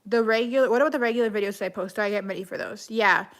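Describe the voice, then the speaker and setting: A woman from Canada, chatting casually on a live stream and answering viewer comments, with lots of "like" and quick self-corrections. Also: mid-range voice. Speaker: livestreamer reading comments.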